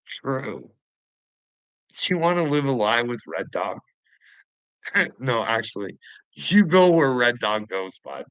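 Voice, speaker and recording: A man's voice: mid-range voice, very animated, slow, long pauses, a bit bright, dry recording, poor audio. A Canadian man on a casual livestream, taunting his viewers by name and laughing often between phrases. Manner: addresses chatters by name, mocking.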